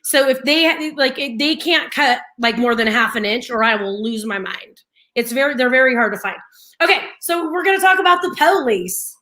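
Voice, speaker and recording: A woman's voice: high-pitched, normal speed. A young adult woman co-hosting a radio show, telling a story animatedly and laughing often as she acts out what people said. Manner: animated, laughs often, slips into quoted voices. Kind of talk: casual morning-show storytelling.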